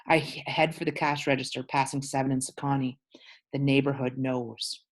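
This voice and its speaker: Deep-voiced woman teacher reading aloud. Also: little pitch movement. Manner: pauses to explain words. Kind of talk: reading a novel aloud to a class.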